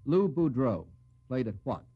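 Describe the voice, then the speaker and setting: A man hosts a radio quiz in a slightly husky voice, genially calling on panelists by name with a wry touch. The sound is dull and muffled, like a 1940s broadcast. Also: mid-range voice, sing-song, a little slow. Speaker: quiz show host.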